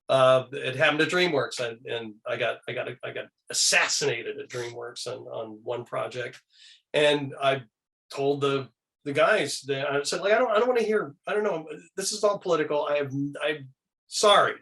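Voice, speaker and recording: A man's voice: fairly high pitch, gravelly, a bit bright. A middle-aged man, a guest on an interview show, telling anecdotes casually and acting out the people he quotes in shifting voices.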